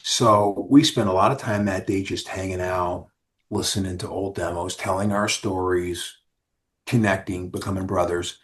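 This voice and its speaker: A man's voice: low-pitched, normal speed. A man, a rock singer, telling stories in a casual interview and acting out what others said. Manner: animated storyteller who acts out others' lines.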